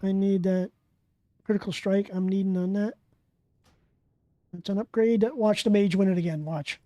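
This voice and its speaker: A streamer giving excitable, profane live commentary while playing a game and bantering with viewers. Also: medium pitch, normal speed, no room sound, dull audio. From Canada.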